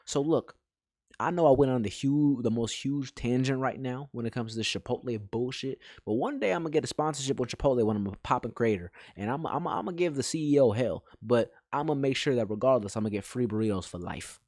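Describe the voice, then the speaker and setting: A young man streaming live, ranting in an animated, profane, exasperated way. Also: mid-range voice, quick pace, no room sound, clean studio sound. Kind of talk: live-stream reaction rant.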